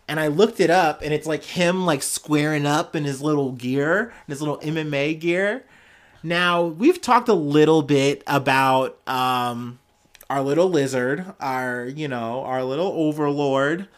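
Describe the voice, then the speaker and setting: A man's voice: a little high, a little slow, a bit bright. A man hosting a casual solo news podcast, jokey and sarcastic, laughing often as he riffs. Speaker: podcast host.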